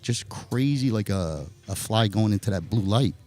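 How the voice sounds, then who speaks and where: A man with a New Jersey accent commentates a pool match live. His voice sits fairly low and mellow, and he keeps the chat loose and jokey. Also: normal speed. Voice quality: animated, jokey, chatty.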